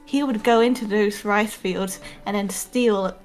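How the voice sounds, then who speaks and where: A woman's voice: medium pitch, fairly even intonation, unhurried, faint music behind. Teasing, blunt woman host. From Britain. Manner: teasing, blunt, swears casually. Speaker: show host. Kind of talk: casual chat.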